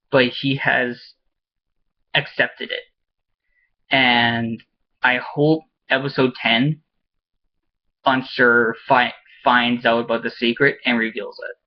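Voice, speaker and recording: Rambling man with a dull lo-fi sound. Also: mid-range voice. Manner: rambling and halting, with many restarts; enthusiastic fan, laughs often. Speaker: TV episode reviewer. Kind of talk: casual spoken review. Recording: dull lo-fi recording.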